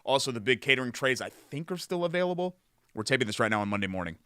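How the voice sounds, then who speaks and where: Chatty man, bright voice. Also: mid-range voice, big pitch swings, fast talker, smooth, dry recording, studio quality. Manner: chatty, reads sponsor plugs with enthusiasm. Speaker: podcast co-host. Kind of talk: casual sports chat.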